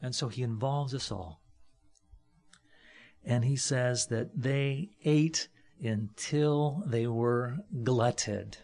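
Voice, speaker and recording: A man's voice: mid-range voice, extremely slow, vocal fry, darkish tone. A man preaching a conversational sermon from a church platform, folksy, with joking asides and frequent fillers.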